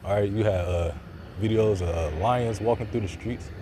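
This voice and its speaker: A man's voice: lowish voice, moderate pace, background noise. A man commenting on a news clip in a preaching way, informal and loose, with many fillers and a repeated "all right". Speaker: religious commentator.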